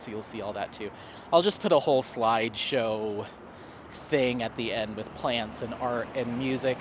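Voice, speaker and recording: Chatty man rambling on an outdoor walk. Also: medium pitch. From Colorado, USA. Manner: chatty, rambling, laughs often. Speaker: craft vlogger. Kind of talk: casual chat while walking the dog. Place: outdoors on an evening walk near water. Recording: clear outdoor street noise. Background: traffic and town ambience.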